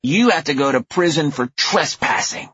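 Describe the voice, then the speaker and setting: A tiny, bossy girl who snaps out commands in a high, husky voice, as a man puts her on. The sound is dry and dull, like a lo-fi home recording of a storybook. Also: lively intonation, normal speed, a bit bright, no echo. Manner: commanding, barking orders. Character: bossy little girl, about six.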